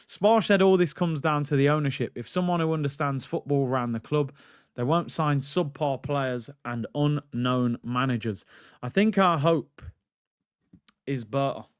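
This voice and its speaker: A man's voice: mid-range voice, unhurried, clear, resonant tone, no room sound, dull audio. A man hosting a live football stream, ranting animatedly and reading out chat comments. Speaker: football channel host. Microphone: streaming mic.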